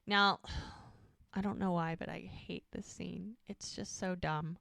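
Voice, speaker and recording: Her voice is fairly low and slow, with vocal fry, captured as clean studio sound without any room tone. She's a woman co-hosting a podcast who recaps a TV episode in relaxed conversation, animatedly voicing the characters' lines as she goes.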